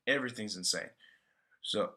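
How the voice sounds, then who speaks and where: A man's voice: lowish voice, normal speed, sharp tone. A man giving a casual book-report talk in a loose, slangy way, full of fillers. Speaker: student presenter.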